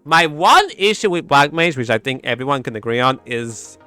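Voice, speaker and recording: A man streaming in a casual chat, animated and giggly, breaking into sound effects. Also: medium pitch, normal speed, smooth, dry recording, faint music behind.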